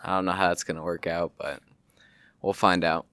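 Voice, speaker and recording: A man's voice: low voice, level tone, normal speed, fairly bright tone, clear, resonant tone. A teenage boy chatting as a podcast guest in an easygoing, matter-of-fact way. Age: teens. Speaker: guest, football player. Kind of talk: casual chat.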